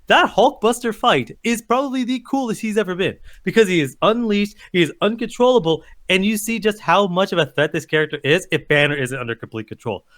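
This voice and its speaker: A man's voice: high voice, animated, brisk, few pauses, fairly bright tone. A man co-hosting a casual pop-culture podcast, ranting heatedly, cursing and acting out quotes. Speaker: podcast co-host.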